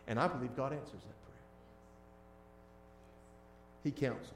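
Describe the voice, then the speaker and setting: Male pastor, sermon, hushed to emphatic, echoey room. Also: medium pitch, measured pace, pauses often, a little hiss or hum. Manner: swings from hushed and tender to loud and emphatic.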